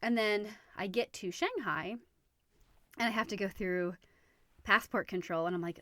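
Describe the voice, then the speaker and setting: A woman hosting a podcast, telling travel stories in a chatty, animated way with many fillers and restarts. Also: mid-range voice, normal speed, no echo. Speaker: podcast host. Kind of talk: casual storytelling.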